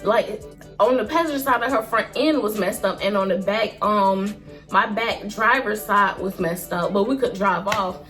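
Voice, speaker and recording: A woman in her early twenties tells a personal story to her vlog audience in an animated, expressive, slangy way. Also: medium pitch, normal speed, faint music behind. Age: early 20s. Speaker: vlogger.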